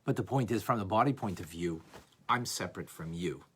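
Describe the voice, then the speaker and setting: A man teaching a lively class on a religious text, asking "right?" often and acting out examples. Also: low-pitched, a little fast, breathy edge. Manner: animated, playful, acts out examples, frequent "right?". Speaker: Torah teacher.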